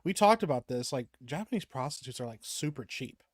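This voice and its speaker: A man's voice: mid-range voice, animated, fairly quick, no room sound, studio quality. A man chatting casually as a guest, laid-back and slangy, telling anecdotes. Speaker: podcast guest. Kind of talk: casual chat.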